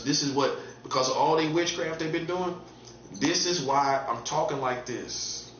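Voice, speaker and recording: A man delivering a taunting monologue as a self-styled preacher, repeating phrases and swinging from mocking highs to low, earnest tones. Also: normal speed, a bit bright, a little hiss or hum. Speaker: street preacher. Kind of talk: provocative monologue. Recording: roomy dull lo-fi recording with faint ambience.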